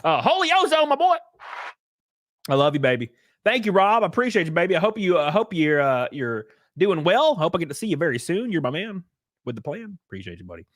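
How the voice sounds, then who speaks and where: A man's voice: fairly high pitch, a little fast, no echo. Young man, loose profane livestream banter, dry close sound. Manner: animated, rambling, profane, jokey. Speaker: streamer. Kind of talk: casual livestream chat.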